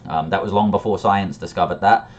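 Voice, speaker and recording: A man with a fairly low voice tells his own story in a relaxed monologue. He sounds reflective and candid, and he often repeats words as he restarts a thought. The recording sounds dull and lo-fi. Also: brisk, a little hiss or hum. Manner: reflective and candid, with frequent restarts and brief laughs. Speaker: storyteller sharing a personal conversion story.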